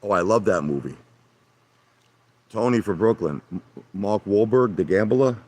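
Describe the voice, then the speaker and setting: Broadcasting live from his hot tub, this man rambles brashly at his viewers, repeating himself and calling them out by name. His voice is on the low side, animated and a little mellow, at a normal speed, with no room sound.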